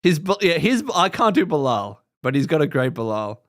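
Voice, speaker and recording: Animated man chatting on a livestream. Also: a little high, normal speed. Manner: animated, laughs often, trails off and restarts. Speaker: podcast host. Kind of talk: casual live-stream chat.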